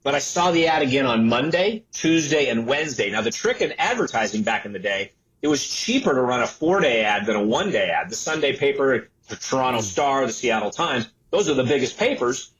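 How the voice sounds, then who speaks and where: A man in his sixties, an entrepreneur and author, telling his life story as an interview guest. He tells it in an animated way and acts out the voices of the people he quotes. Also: mid-range voice, fairly quick, few pauses, low-quality recording. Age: 60s.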